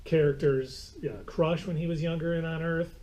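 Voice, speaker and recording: A man's voice: fairly high pitch, fairly even intonation, normal speed, mellow, a little hiss or hum, rough recording. A man co-hosting a casual movie recap, an eager fan who drifts into comic-book trivia. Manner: enthusiastic fan, digresses into comic-book lore. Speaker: co-host.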